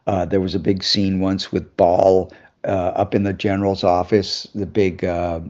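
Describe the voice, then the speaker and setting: A man with a lowish voice tells a behind-the-scenes story as a guest on a live interview. He talks in a lively way and slips into other people's voices. The sound is dull and lo-fi, like a remote call. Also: moderate pace. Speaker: guest actor.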